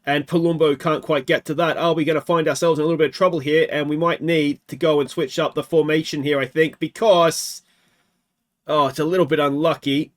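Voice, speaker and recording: A man's voice: fairly high pitch, steady tone, brisk. An Australian man hosting a let's play, chatting through a football management game and asking himself rhetorical questions. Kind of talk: game commentary.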